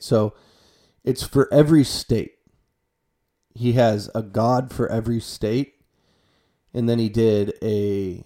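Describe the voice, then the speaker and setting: A young man rambling casually to his viewers in a loose, profane monologue, often trailing off quietly at the ends of phrases. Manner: gets loud and high when retelling his own panicked reactions. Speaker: vlogger.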